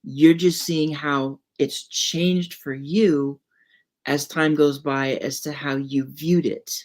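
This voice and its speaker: Musing podcast host with a low woman's voice. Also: steady tone, slow. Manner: musing, storytelling, with restarts. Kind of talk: casual conversation.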